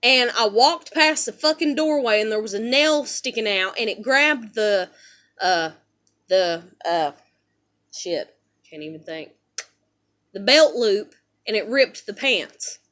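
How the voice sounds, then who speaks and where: High-voiced woman on a profane rant. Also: lively intonation, slow, fairly bright tone. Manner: heavy swearing, rambling with "you know" fillers; bitter and heated. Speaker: vlogger. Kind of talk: angry personal rant.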